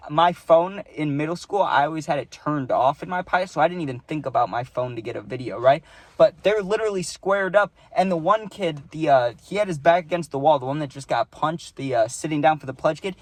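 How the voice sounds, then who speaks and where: A young man recounts a story in a loose, animated way, peppering his talk with fillers. His voice sits a little high, and the recording is dry and close with almost no room sound. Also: a little fast, no room sound. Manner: animated, heavy on filler words like "like" and "dude". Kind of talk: casual storytime.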